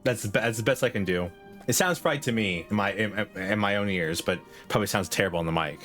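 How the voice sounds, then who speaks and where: A man's voice: fairly low pitch, quick pace, fairly bright tone, soft background music. Laughing, rambling young male streamer. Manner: joking, laughing, swearing, rambling. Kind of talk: casual game commentary.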